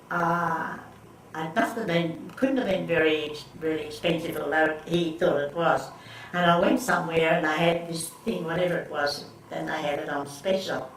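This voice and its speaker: An older woman telling family stories in casual chat, rambling with many restarts and often laughing. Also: fairly low pitch. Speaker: interviewee. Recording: echoey room, recorded from far off, faint background noise.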